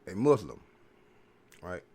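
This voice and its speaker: Low-voiced man ranting on a podcast. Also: big pitch swings, takes it slowly, darkish tone, slightly rough. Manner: rambling, profane, preachy, repeats filler phrases. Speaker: podcast host. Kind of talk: casual monologue rant.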